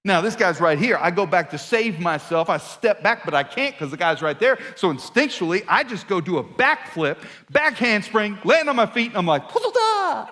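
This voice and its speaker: A man preaching in a large church hall, with long reverb trailing his words. His voice sits fairly high and bright, swinging widely in pitch as he spins a playful, self-mocking story for his congregation. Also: expressive, moderate pace, hardly any pauses. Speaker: pastor. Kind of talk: storytelling sermon. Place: church auditorium.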